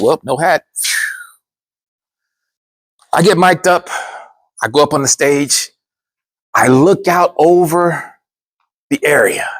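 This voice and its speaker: Brief: man narrating his own story, animated, quick to slip into character voices, dry close sound. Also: a little high, no echo. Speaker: speaker telling a personal story. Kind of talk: storytelling speech.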